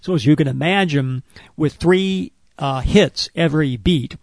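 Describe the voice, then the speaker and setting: Guy teaching a wellness drum exercise, kinda higher voice, patient, dry sound. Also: measured pace, vocal fry, a little mellow, no room sound. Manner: patient, step-by-step explaining with fillers. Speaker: wellness instructor. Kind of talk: explaining an exercise.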